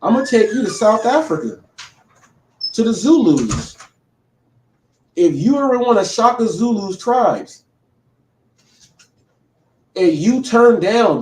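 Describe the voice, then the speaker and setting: Sounding distant from the mic in an echoey space, a man with a high, slightly mellow voice runs a livestream. He calls out a rival confrontationally, rambling and often starting his sentences over.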